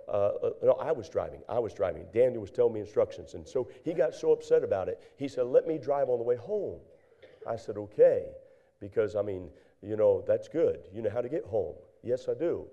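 An older man delivers a sermon, spinning folksy stories with plenty of "uh"s and acted-out dialogue. His voice is deeply dark and mellow. The recording sounds dull and lo-fi. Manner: folksy, animated storytelling with fillers and acted dialogue. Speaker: preacher. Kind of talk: sermon with storytelling.

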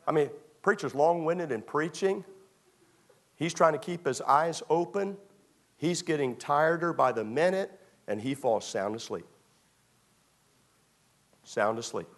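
A man's voice: fairly high pitch, lively intonation, a little slow, pauses often. A male pastor preaching a sermon to young people in a church, retelling a story in a conversational way, repeating phrases and acting out small scenes. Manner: repetitive, conversational, acts out scenes.

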